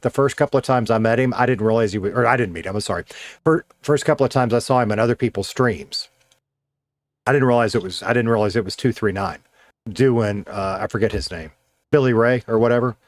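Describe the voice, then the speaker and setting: A man's voice: medium pitch, no room sound. A man streaming a game, chatting casually and thinking aloud in a rambling, self-deprecating way. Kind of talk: casual live-stream chat while playing.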